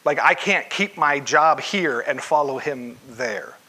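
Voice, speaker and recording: A man with a bright, somewhat high voice preaches in a church. He keeps it conversational and puts questions to the congregation as he goes. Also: slow, breathy edge. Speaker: pastor. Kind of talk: sermon.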